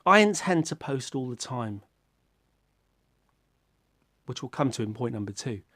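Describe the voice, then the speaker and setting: A British man talking to his viewers in a casual vlog, rambling and self-mocking, swearing casually and breaking into sudden loud outbursts. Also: mid-range voice, lively intonation, measured pace, no room sound. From Britain. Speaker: YouTuber.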